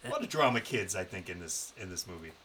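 A man's voice: sits low, lively intonation, fast talker, bright, forceful tone, a little hiss or hum, rough recording. A man co-hosting a podcast, telling a road-trip story in a loose, profane, casual way. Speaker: podcast co-host. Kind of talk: casual chat.

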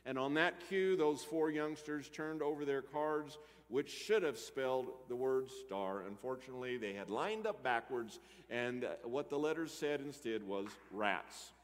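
A man preaching a sermon, moving between loud emphatic lines and quiet asides. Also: mid-range voice, a little slow. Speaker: pastor. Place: church sanctuary. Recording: church hall reverb.

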